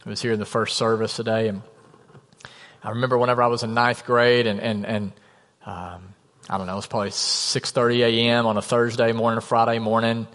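A man's voice: medium pitch, little pitch movement, brisk, a bit bright. Man preaching in an echoing hall. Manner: conversational preaching with acted-out quotes. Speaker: pastor. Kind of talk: sermon. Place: church sanctuary. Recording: long hall reverb.

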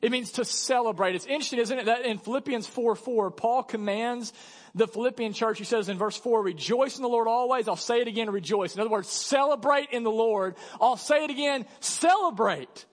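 Animated high-voiced pastor preaching. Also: male voice, fairly quick. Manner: animated, conversational, mimics voices for emphasis. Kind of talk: sermon. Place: large church hall. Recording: church hall reverb.

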